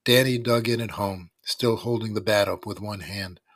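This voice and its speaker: A man with a low voice reads a first-person story aloud, wry and dry in how he tells it. The sound is close and dead, with no room around it. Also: steady tone, moderate pace, a bit bright, no echo. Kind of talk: scripted first-person narration.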